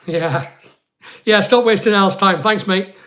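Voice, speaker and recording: A man's voice: sits high, measured pace, a bit bright. A Northern Irish man hosting a live chat for online sellers. He rambles casually and talks straight to viewers by name as he answers their questions. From Northern Ireland.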